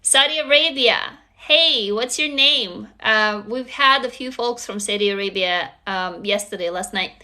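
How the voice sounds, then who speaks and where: A woman's voice: medium pitch, a little slow, hardly any pauses, bright, forceful tone. A woman whose first language is Russian, hosting a casual live stream from a phone, greeting viewers and swearing freely. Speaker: livestream host.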